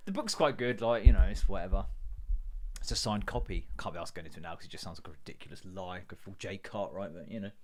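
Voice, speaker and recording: A man's voice: low-pitched, expressive, fast talker, a little hiss or hum. Sweary rambling man. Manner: sweary, rambling, jokey with put-on voices. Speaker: podcast host. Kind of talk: casual solo rant.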